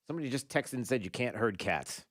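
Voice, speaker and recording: A man hosting a talk radio show, rambling and animated, with many fillers and restarts. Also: medium pitch, fast, no room sound, clean studio sound.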